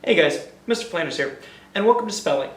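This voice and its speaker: High, gravelly teacher in an echoey room. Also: male voice, lively intonation, quick pace. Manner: upbeat, calls and response drilling words. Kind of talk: recorded lesson for young children. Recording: echoey room, mic at a distance.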